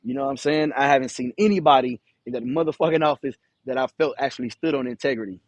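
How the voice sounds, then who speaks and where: Sitting in his truck, a truck driver tells a rambling, profane story to the camera, stuttering and repeating himself. His voice is mid-range and he talks fast.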